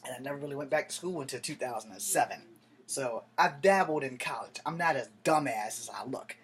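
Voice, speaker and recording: A man's voice: medium pitch, lively intonation, fairly quick, fairly bright tone, breathy edge. A man in his thirties telling a story to camera, rambling and heated, with plenty of cursing. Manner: profane, heated, digressive street talk. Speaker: vlogger.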